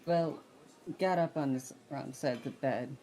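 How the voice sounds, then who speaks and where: A woman voicing a timid, withdrawn young woman who speaks quietly and hesitantly, with long pauses. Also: very deep voice, rough recording. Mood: uneasy.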